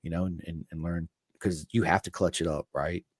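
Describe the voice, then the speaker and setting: Animated man telling riding stories. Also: deep voice, normal speed, breathy edge, dry recording, clean studio sound. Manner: animated storyteller, acts out quotes. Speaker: podcast host. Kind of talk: casual conversation.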